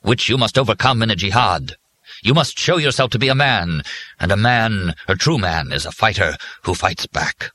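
Guy doing a slow droning machine priest in a storybook, kinda high and far-off. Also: sing-song, sharp tone, a little hiss or hum, full character voice. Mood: solemn. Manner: slow, measured, intoning. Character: slow solemn male machine confessor.

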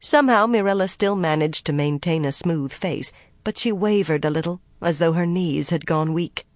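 An audiobook narrator reading a fantasy novel in a measured, even storytelling voice. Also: medium pitch, no echo. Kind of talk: scripted narration.

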